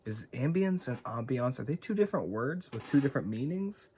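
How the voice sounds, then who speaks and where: An American man chatting casually and softly for an ASMR video, rambling and laughing at himself, recorded on a phone in a home studio. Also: mid-range voice, lively intonation, a little fast, hardly any pauses, slight background noise. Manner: rambling, self-amused, laughs often. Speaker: ASMR creator. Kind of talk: casual ASMR chat with soft whispering. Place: home studio with haze and lights. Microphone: phone on a gimbal.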